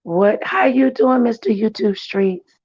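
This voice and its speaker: A woman host who has lost her voice, hoarsely chatting with her viewers and greeting them by name. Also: on the high side, unhurried, darkish tone, no room sound. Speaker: livestream commentary host. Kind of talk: casual chat. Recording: dry, muffled stream audio.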